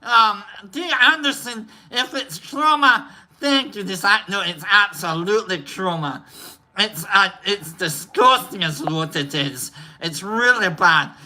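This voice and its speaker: A man's voice: high voice, unhurried, bright, forceful tone. A man hosting a casual livestream chat in a put-on drunk Scottish accent, rambling and swearing with cackling laughs. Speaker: livestream host.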